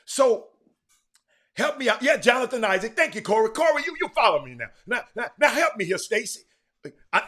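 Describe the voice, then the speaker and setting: A man hosting a live sports talk show, chatting with viewers by name, animated and repeating words as he goes. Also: very high voice. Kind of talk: live-stream chat with viewers.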